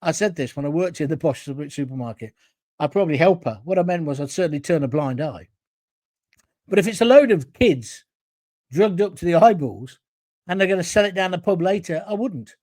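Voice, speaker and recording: Blunt, animated talk show host. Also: male voice, a little high, a little fast, dry recording. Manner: blunt, combative, indignant. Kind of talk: opinionated solo talk show monologue.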